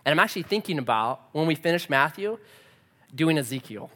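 A man preaching a sermon, telling a personal story in an animated, conversational way with self-deprecating humor. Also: fairly high pitch, a little fast. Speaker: pastor. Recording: long reverb of a large hall.

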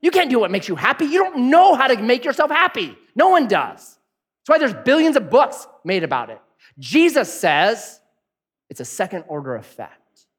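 Man, pastor, sermon, very expressive pitch, conversational, rhetorical questions. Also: moderate pace, breathy edge.

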